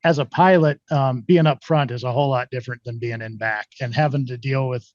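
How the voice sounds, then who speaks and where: A man who is an author and pilot, a guest chatting in a relaxed way on an interview podcast. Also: medium pitch, brisk, no room sound. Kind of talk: casual interview chat. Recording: dull, muffled audio.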